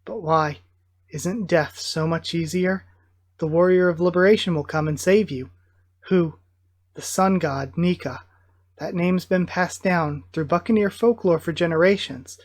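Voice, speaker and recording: A streamer reading out a comic's gentle captive father in a near-plain voice. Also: mid-range voice, close to an everyday voice. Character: gentle enslaved father comforting his son.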